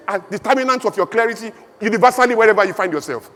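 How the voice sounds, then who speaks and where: Nigerian man, conference speaker, high voice, emphatic oratory, long hall reverb. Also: rapid-fire, few pauses. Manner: emphatic, animated oratory with rhetorical questions. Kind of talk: public speech.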